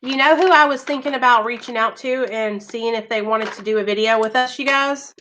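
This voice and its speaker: Bright-voiced woman chatting on stream. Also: fairly high pitch, fairly quick, slight background noise, rough recording. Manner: talks straight to viewers, reads chat names, earnest and emphatic. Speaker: livestream host. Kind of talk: casual livestream chat with viewers.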